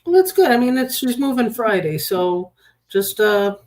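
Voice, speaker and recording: A woman's voice: fairly high pitch, big pitch swings, normal speed, darkish tone. A woman co-hosting a casual tarot chat who rambles, jokes and laughs a lot. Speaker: tarot reader co-host.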